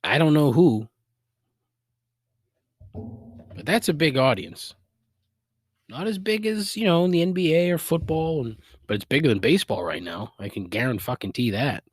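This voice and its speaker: A man with a thick Boston accent rants alone into the mic, swearing freely and dropping sarcastic asides. His pitch leaps around as he works himself up, and the sound is dry and close, with no room around it. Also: expressive, normal speed, long pauses, slightly rough, no echo. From Boston area, USA. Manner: profane, exasperated griping with sarcastic asides. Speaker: podcast host. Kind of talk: solo podcast rant.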